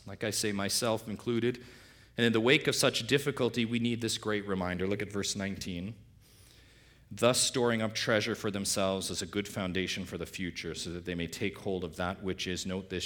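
A man's voice: fairly low pitch, fairly bright tone. A middle-aged male pastor preaching a sermon, asking rhetorical questions and swinging his voice up for emphasis.

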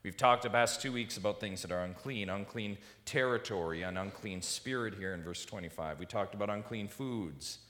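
A male pastor preaching through a passage, voice bright and forceful over a lowish pitch. He leans hard on key words and keeps asking the congregation questions, then answers them himself. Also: moderate pace, hardly any pauses. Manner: emphatic, rhetorical questions to the congregation. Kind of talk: expository sermon.

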